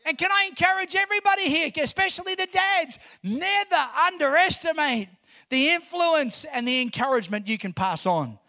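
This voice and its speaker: A man's voice: extremely high pitch, animated, normal speed, pushed and bright. A male pastor preaching a sermon to his congregation in church, emphatic and fervent, often tossing rhetorical questions to the room.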